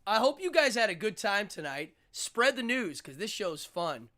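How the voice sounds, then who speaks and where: A man's voice: sits high, sing-song, moderate pace, sharp tone. A man hosting a live show, chatting casually in an upbeat, rambling way and laughing easily. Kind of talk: casual live-stream chat.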